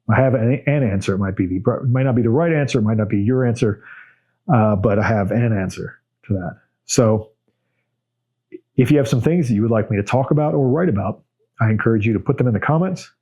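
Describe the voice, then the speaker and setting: A middle-aged man hosting a casual solo Q&A podcast, talking in a blunt, unhurried way with many fillers and restarts. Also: lowish voice, warm tone, slightly rough. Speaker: podcast host answering viewer questions.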